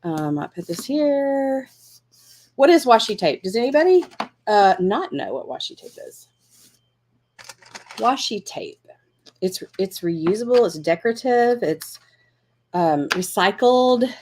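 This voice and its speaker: A woman's voice: a little high, big pitch swings, measured pace, long pauses, a little mellow, a little hiss or hum. A woman hosting a live crafting lesson, chatting encouragingly and thinking aloud as she works. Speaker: craft class host.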